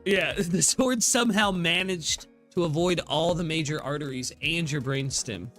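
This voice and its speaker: Excitable high-voiced man reacting to manga. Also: moderate pace, faint music behind. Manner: reads dialogue aloud with shifting voices, laughs often, swears casually. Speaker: reaction channel host. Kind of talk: live manga reading and reaction.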